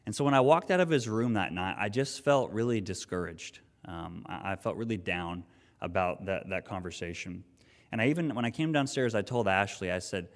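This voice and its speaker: A man's voice: on the low side, moderate pace. A man preaching a sermon, telling a personal story in an earnest, conversational way with frequent restarts. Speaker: pastor. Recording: long reverb of a hall.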